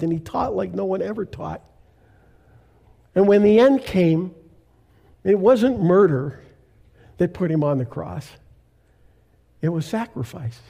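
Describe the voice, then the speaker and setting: An older man from Canada, a pastor preaching a sermon in a slow, deliberate way with emphatic pauses. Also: high-pitched, gravelly, dark tone, husky.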